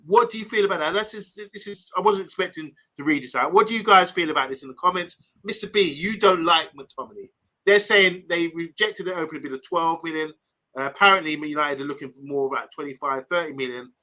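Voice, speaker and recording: This is a chatty man hosting a live stream, reading viewer comments aloud and wandering between topics. His voice is bright and sits a little high. He keeps it casual and rambling. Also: fast talker, poor audio. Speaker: host.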